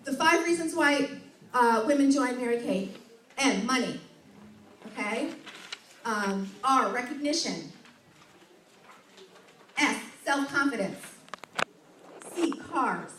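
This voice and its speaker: Speaking slowly and pausing often, this woman delivers a lively sales training talk to an audience in a meeting room, playing out customer conversations and laughing frequently. Her voice is high, expressive and fairly bright. Captured from a distance in an echoey room, the clip carries slight background noise.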